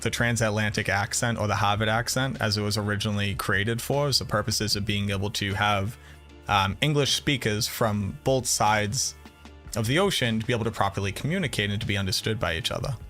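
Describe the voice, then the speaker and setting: Man, Boston accent, low voice, brash, swearing, casual livestream banter, faint background music. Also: expressive, a little fast, pushed and bright. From Boston area, USA. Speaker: game streamer. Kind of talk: casual livestream chat with viewers.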